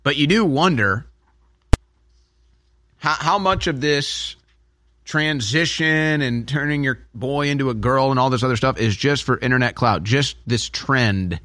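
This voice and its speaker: A man's voice: mid-range voice, unhurried, sharp tone. A man hosting a commentary show, talking in a sarcastic, mocking way. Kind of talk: political commentary.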